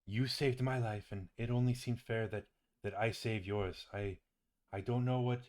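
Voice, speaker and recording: A loyal male companion in a tabletop game who stumbles earnestly over his words of thanks, as a man puts him on. His voice sits fairly low. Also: steady tone, normal speed, a little mellow, close to an everyday voice.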